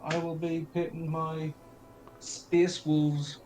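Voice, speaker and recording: A man's voice: fairly high pitch, monotone, slow, a little mellow, soft background music. A man joining a casual painting stream as a guest over a video call, cheerful and a bit unsure with the tech.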